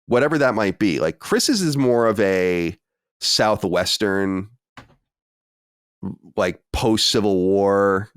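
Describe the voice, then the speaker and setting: A man's voice: fairly low pitch, slow, smooth, no echo. A man hosting a podcast in loose, rambling, self-deprecating casual chat. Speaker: podcast host.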